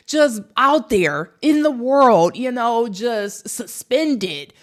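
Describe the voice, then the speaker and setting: A woman's voice: on the high side, a little slow, few pauses. A young woman vlogging, telling a travel story casually and animatedly to her viewers. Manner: animated, addresses viewers as y'all.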